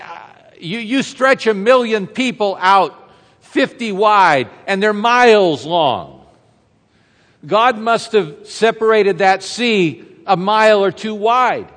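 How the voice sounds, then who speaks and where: A man's voice: sits high, fairly bright tone. A man preaching a sermon as a pastor, retelling a story in a conversational way and throwing rhetorical questions to the congregation. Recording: reverberant hall sound.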